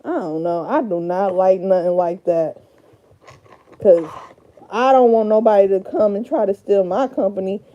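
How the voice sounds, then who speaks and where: A woman's voice: mid-range voice, normal speed, mellow, lo-fi sound. A woman with a Detroit accent talking casually on a livestream, blunt, profane and rambling. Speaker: livestream host.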